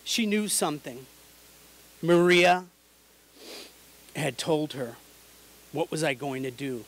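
A man reading his personal memoir aloud in an earnest, measured way. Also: on the high side, lively intonation, a bit bright, rough recording. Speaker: memoir narrator.

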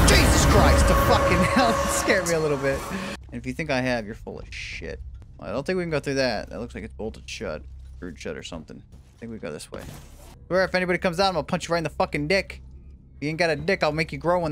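A man commentating his gameplay, joking, swearing and yelling in bursts, then muttering low. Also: big pitch swings, fairly quick, slight background noise. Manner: loud, profane, jokey, swings between shouting and mutters. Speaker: gaming streamer. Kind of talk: let's play commentary.

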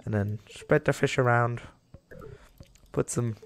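Gravelly young man rambling over gameplay. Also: medium pitch, steady tone, takes it slowly, pauses often, slight background noise. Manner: rambling, talks to the game animals, easily exasperated. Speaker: gaming YouTuber. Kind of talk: casual gameplay commentary.

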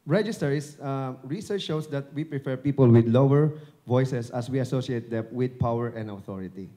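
A man's voice: medium pitch, moderate pace, warm tone. A man with a Filipino accent, a dubbing director and broadcaster, giving a chatty, encouraging live speech at an event, speaking into a handheld microphone held at his chin. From Philippines. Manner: chatty and encouraging, joking with the audience. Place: event venue before an audience.

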